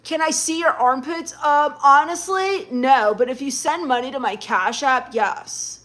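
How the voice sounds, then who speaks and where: A woman hosting a live stream, reading her chat aloud and answering it with dry sarcasm. Her voice sits high and light. She mocks and snaps back at the messages. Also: unhurried, a bit bright. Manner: sarcastic, mocking.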